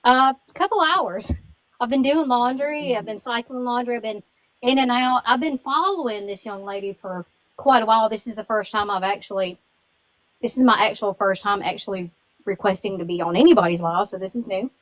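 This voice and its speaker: Woman caller, emotional and rambling, slightly high voice. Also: fairly quick, rough recording. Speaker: caller on a livestream. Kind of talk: live-stream call-in.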